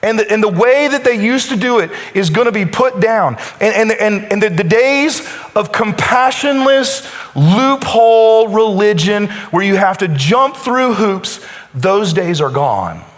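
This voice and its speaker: A pastor preaching a sermon, telling a story with dramatic pauses and acting out quoted lines. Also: male voice, high-pitched, lively intonation. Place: church sanctuary. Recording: church hall with long reverb.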